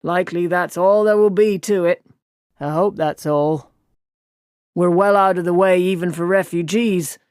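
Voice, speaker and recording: A calm middle-aged farmer and father, firm and unhurried, spoken fairly low and dry. A woman reads him in an audiobook, close to her own voice. He speaks in a way that brooks no argument. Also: smooth, no echo, lightly acted.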